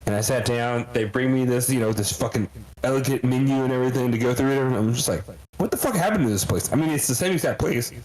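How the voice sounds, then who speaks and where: A man's voice: medium pitch, steady tone, quick pace, a little mellow. A man co-hosting a casual podcast, rambling through stories with a lot of swearing. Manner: profane, rambling storyteller. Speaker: podcast co-host.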